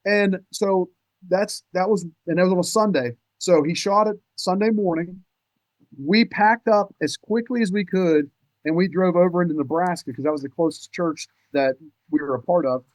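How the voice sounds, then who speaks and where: A man guesting on a podcast, telling hunting stories in an animated, excitable way with casual cursing. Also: sits high, normal speed, no echo, rough recording. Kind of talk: casual storytelling chat.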